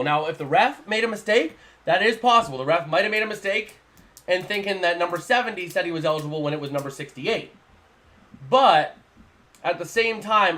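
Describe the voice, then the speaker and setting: A man's voice: sits high, a bit bright. A man doing casual live play-by-play on a stream, rambling and repeating himself as he gives his opinions.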